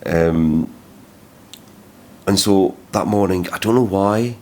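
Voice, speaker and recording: A man vlogging about his travels talks in a deep, darkish voice at a slow pace. His storytelling is rambling and heated, full of swearing and restarts.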